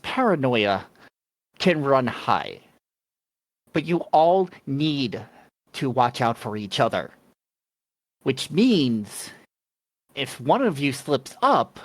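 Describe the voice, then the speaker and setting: Game master voicing a firm woman mentor, calm, measured speech, dry close sound. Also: medium pitch, no echo.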